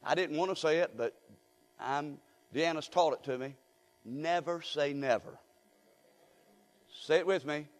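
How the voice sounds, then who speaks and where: An older man delivers a folksy, emphatic sermon with a notably high voice. He keeps calling on the congregation to repeat after him. The room rings with a long church-hall reverb. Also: normal speed. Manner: call-and-response, folksy and emphatic. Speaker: guest preacher.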